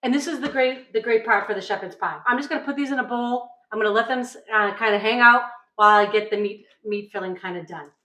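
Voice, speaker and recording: A woman's voice: a little high, fast talker, few pauses, bright, forceful tone, echoey room, poor audio. A middle-aged woman from New England hosting a casual cooking demonstration, chatty and upbeat, often checking in with "right?". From New England, USA. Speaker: cooking show host. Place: home kitchen.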